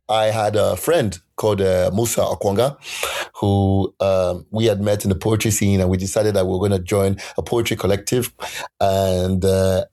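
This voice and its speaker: A man, a musician and poet, telling stories in a casual interview, animated and acting out quotes in other voices. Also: low-pitched, creaky. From United Kingdom. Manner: animated, laughing, acts out quotes in shifting voices.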